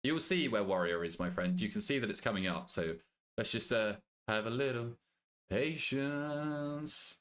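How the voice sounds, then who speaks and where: A man's voice: fairly low pitch, animated, brisk, a bit bright. British man bantering with his chat. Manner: banters with chat, swears casually, thinks aloud. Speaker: game streamer. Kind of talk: casual live-stream chat.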